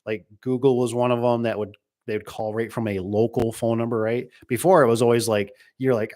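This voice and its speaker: A man, mid-pitched, chatting casually about his work. He rambles from story to story. He acts out what other people said. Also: steady tone, brisk, few pauses. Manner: rambling, storytelling with acted-out quotes. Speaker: garage door business owner. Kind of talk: casual chat.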